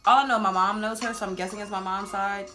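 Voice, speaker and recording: A woman's voice: mid-range voice, steady tone, fast, over music. A woman in her twenties with a New Jersey accent, chatting casually in a get-to-know-me video and laughing often. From Louisiana, raised in New Jersey. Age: 20s. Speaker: vlogger.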